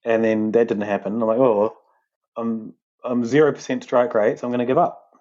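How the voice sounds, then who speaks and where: A man co-hosts a casual podcast and teases the others playfully. His voice is mellow and warm. The sound is a little dull and lo-fi. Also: medium pitch, little pitch movement, normal speed. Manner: teasing, playful. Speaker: podcast co-host. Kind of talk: casual chat.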